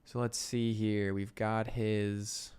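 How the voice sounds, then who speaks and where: A man's voice: on the low side, little pitch movement, takes it slowly, darkish tone, smooth. A man chatting casually while he sketches on a live stream, rambling and amused by his own jokes. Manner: rambling, self-amused, thinking aloud. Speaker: illustrator livestreaming sketches.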